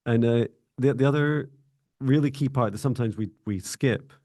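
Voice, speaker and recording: A man hosting a casual spiritual chat, relaxed and hesitant, often laughing along with his guest. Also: medium pitch, moderate pace, no echo, studio quality. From Scotland. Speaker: host, psychic mentor.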